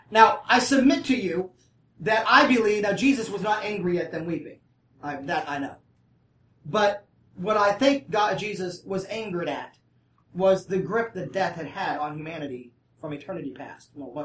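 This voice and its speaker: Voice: mid-range voice, normal speed. Bible study leader reading scripture and explaining it, casual and talkative, asks the group questions, set back from the mic in an echoey room. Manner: reads scripture aloud, then breaks off to explain casually; often checks in with listeners. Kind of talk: conversational Bible study teaching. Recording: roomy, distant mic.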